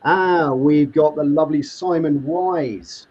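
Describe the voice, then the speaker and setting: A man with a fairly high, slightly breathy voice and a darkish tone hosts a live online show at a slow pace. He welcomes guests, reads viewer comments aloud, and laughs often in upbeat chat. The stream audio is muffled and lo-fi.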